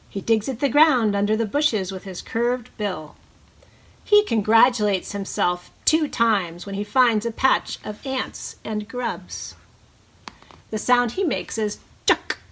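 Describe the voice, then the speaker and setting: A woman teacher reading a picture book to young children, leading them in bird calls and counting with slow, encouraging delivery. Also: mid-range voice, fairly bright tone. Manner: slow, encouraging, leads bird-call imitations. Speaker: preschool teacher.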